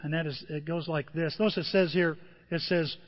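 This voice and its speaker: A man's voice: on the high side, a little fast. An older man preaching a sermon as the pastor, telling stories and acting out what people said. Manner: animated storytelling with acted-out quotes. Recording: dull audio in a long-reverb hall.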